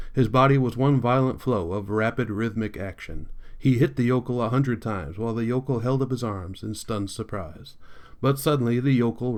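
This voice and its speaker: Man reading a literary audiobook. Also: medium pitch. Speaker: audiobook reader. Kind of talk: scripted narration.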